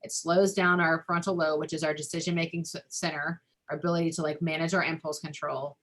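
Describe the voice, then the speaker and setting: Lady therapist walking people through it, kinda low voice, lots of likes and ums. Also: level tone, fairly quick, fairly bright tone. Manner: talks through ideas with frequent "like" and "um" fillers. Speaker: family therapist. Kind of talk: explanatory webinar talk.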